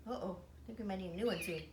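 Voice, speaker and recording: A young woman teaching small children in a slow, playful sing-song voice, with frequent gasps and laughs. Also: medium pitch, very noisy. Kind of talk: toddler lesson, sing-song prompts. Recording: roomy echo.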